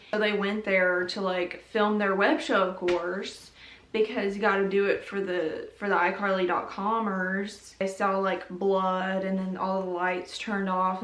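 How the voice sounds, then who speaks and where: Young female vlogger, chatty and giggly, mid pitch; roomy, distant mic sound. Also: a bit bright. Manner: chatty and giggly, heavy use of "like". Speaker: YouTube host. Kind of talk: casual chat reviewing TV episodes.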